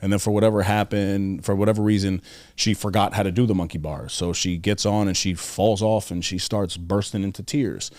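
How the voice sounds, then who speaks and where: A man's voice: sits low, fairly even intonation, a little fast, darkish tone, no room sound. A young man guesting on a podcast, earnestly telling personal stories in casual conversation, with frequent fillers and restarts.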